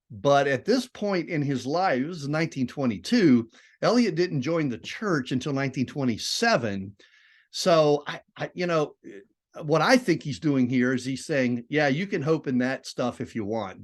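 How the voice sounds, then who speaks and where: A male literature teacher lectures in an animated, digressive way. His fairly high voice leaps up for emphasis and drops to quiet asides. The pitch moves widely from line to line. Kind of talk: classroom lecture.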